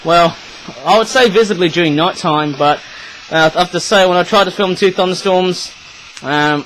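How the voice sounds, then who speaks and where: A man vlogging as channel host, chatting excitedly with frequent tag questions while filming rain from indoors on a camera mic. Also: high-pitched, a little hiss or hum, low-quality recording. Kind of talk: casual vlog narration.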